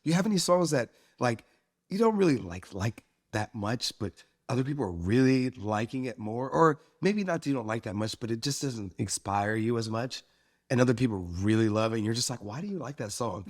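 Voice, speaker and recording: A man's voice: medium pitch, a little fast. Chatty man hosting an interview. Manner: relaxed, chatty, laughs along. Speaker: interview host. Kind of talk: casual interview.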